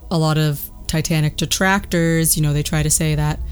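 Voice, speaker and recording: A woman's voice: low-pitched, fairly even intonation, normal speed, clear, resonant tone, faint music behind. A young woman casually talking through a movie with a co-host, chatty and full of fillers. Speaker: podcast co-host. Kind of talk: casual movie commentary chat.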